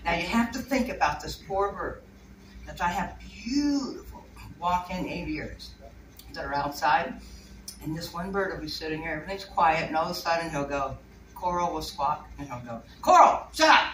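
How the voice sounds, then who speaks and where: Here the bird keeper speaks at a normal speed in a deep voice, chatting loosely and laughing a lot during her informal talk to a small group. The distant mic catches room echo and faint noise.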